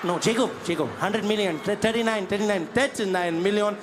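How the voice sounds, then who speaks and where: A man's voice: high-pitched, a little fast, noisy background. A man in a comedy sketch, counting and repeating himself in exasperation.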